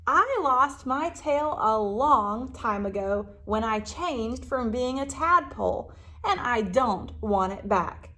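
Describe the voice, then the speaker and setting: A woman's voice: fairly high pitch, expressive, takes it slowly, bright, forceful tone, exaggerated voice. Woman doing a chubby matter-of-fact frog. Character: chubby easygoing male frog.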